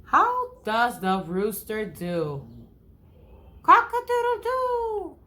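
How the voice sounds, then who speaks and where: A woman teacher reading a picture book aloud to first graders, slow and encouraging, acting out each sound. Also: a little high, very animated, sharp tone.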